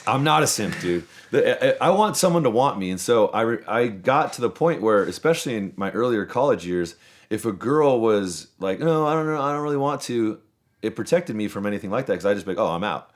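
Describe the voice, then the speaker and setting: A man's voice: lowish voice, expressive, a little fast. A man in his thirties hosting a podcast, telling long, rambling stories in casual chat and swearing freely. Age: 30s. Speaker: podcast host.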